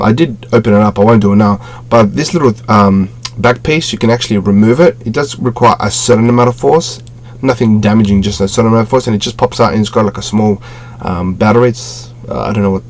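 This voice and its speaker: A man's voice: on the low side, a little mellow. A man casually reviewing a collectible on a webcam at home, rambling, with many fillers and self-corrections. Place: home room with display shelves.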